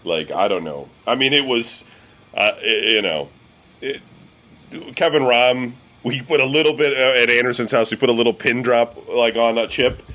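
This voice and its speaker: A man's voice: medium pitch, normal speed, pushed and bright. A man telling a story in a casual chat among friends, stumbling over words and repeating himself. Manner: stammering, laughs easily at his own story.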